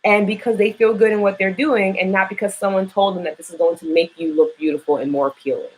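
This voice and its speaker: Young new york woman chatting live, loud swoops up and down, blunt and swears a lot. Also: quick pace, a little hiss or hum, rough recording. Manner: animated, frank and profane, big swoops up in pitch. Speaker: podcast host. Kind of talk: casual live-stream chat.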